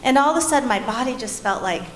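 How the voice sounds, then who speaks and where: This middle-aged woman's voice is high-pitched, expressive and fairly bright, and she talks quickly. Co-teaching a marriage class in a church meeting room that echoes with faint noise, she earnestly and openly shares stories from her own life, speaking right to the group.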